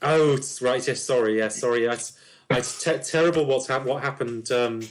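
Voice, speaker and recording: A man's voice: medium pitch, normal speed, a little hiss or hum, natural voice. A man voicing a nervous, rambling neighbour woman. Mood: anxious. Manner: rambling, hesitant, full of ums and restarts. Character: nervous, chatty middle-aged woman neighbour.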